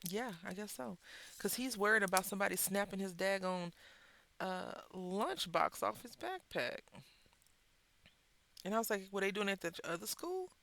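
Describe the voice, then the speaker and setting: A woman hosting a crafting video, telling a story in a chatty, animated way with wry asides while she works at her craft table. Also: mid-range voice, moderate pace, creaky, pauses often. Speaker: craft channel host.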